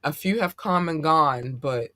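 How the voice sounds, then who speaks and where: A man hosting a podcast in casual chat, talking in an excitable, slangy and heartfelt way. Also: a little high, measured pace, no echo, clean studio sound. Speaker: podcast host.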